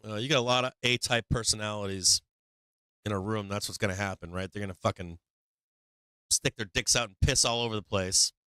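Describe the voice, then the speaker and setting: A man's voice: lowish voice, fairly even intonation, brisk, sharp tone, clean tone, no room sound. A man hosting a stock market livestream, chatting casually and profanely with his viewers in a rambling way.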